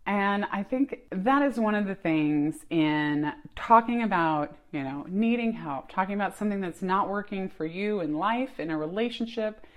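A woman's voice: medium pitch, lo-fi sound. A woman hosting her own podcast, talking in a casual, reflective way with many fillers and restarts. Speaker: podcast host. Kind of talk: casual solo podcast talk.

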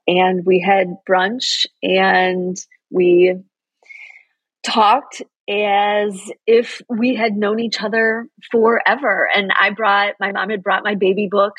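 A woman's voice: medium pitch, slightly rough, no echo, poor audio. A middle-aged woman, a TV news anchor, earnestly telling a heartfelt personal story in an interview.

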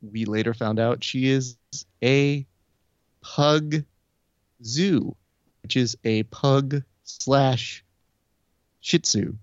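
A young adult man telling a story in casual chat, animated, acting out quoted lines with shifts in pitch. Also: very slow, pauses often, no echo, muffled recording. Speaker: podcast host. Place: Burbank area.

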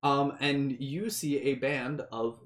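A woman's voice: rumbling low, steady tone, slight background noise. A woman running a tabletop game. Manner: fast, filler-heavy narration with many ums. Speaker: game master.

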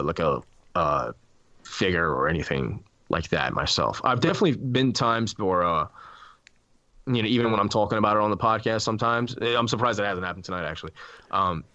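Podcast host, man, low dry voice, swears freely, retells spooky stories with restarts. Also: dry recording. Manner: swearing, animated storytelling with many restarts. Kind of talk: casual podcast chat about ghost stories.

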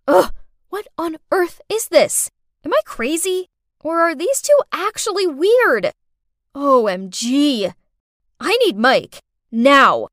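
Young woman telling her story all dramatic, higher voice, dry close sound. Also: very animated, slow, fairly bright tone, no room sound. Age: young adult. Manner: dramatic, exclaiming. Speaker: narrator. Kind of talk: first-person animated story narration.

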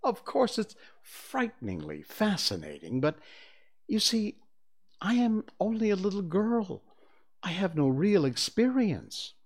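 A man's voice: high-pitched, huge pitch swings, measured pace, voice pushed up, heavily acted. A man voicing a young girl who earnestly takes on the role of mother to a band of boys, speaking in a prim, motherly way.

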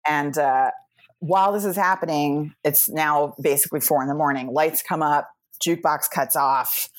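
Woman from New York, deep low voice, chatty storyteller, laughs a lot between phrases. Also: moderate pace. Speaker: comedy podcast guest. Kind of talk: casual anecdote telling. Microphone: remote video call.

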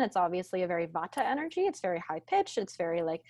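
Calm, grounded woman with a lowish voice. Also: dry recording. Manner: calm, deliberate, speaks slowly and groundedly. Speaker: podcast guest. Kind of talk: conversational teaching.

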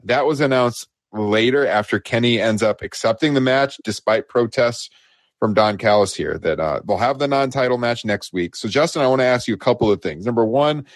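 A man's voice: brisk, no echo. A man co-hosting a wrestling podcast, recapping a show in casual chat and laughing often. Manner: laughs often, quotes wrestlers with lifted pitch. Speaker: podcast co-host.

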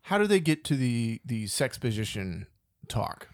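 A man's voice: mid-range voice, big pitch swings, a little slow, no echo, studio quality. A man co-hosting a casual movie review podcast, retelling the plot in a laid-back way and chuckling along. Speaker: podcast co-host.

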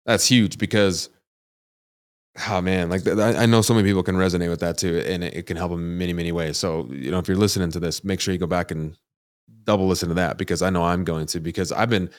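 A man's voice: low voice, fairly even intonation, quick pace, no room sound, studio quality. A man hosting a podcast, talking candidly and rambling, with many fillers like "like" and "you know". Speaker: podcast host. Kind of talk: casual podcast interview.

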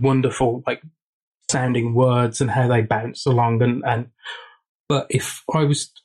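A man's voice: mid-range voice, a little mellow, poor audio. A man co-hosting a podcast, telling stories in an eager, rambling way. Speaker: podcast co-host. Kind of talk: casual chat.

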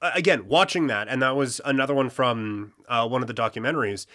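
A man's voice: medium pitch, fast, pushed and bright. A man with a Boston accent, tinged with Texas, co-hosting a casual history chat and reading from notes with easy laughs. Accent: Boston with a touch of Texas. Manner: laid-back, chuckling, hesitant restarts. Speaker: podcast co-host.

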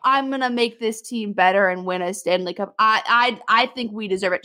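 A woman from Minnesota, a podcast guest in a casual sports chat, ranting with animated exasperation about her team. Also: mid-range voice, fairly quick, few pauses.

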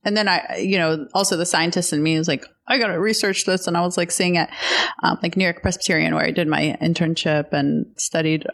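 A woman's voice: lowish voice, fairly even intonation, brisk, gravelly. A woman from Alabama talking as a guest in a casual chat, candid and rambling with lots of restarts. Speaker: guest comedian.

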